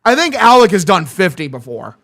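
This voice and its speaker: A young man streaming a game watch-along, calling the plays and excitedly thanking his chat, swearing freely. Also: high-pitched, fairly quick. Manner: hyped, profane, thanking chat. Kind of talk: live watch-along play-by-play.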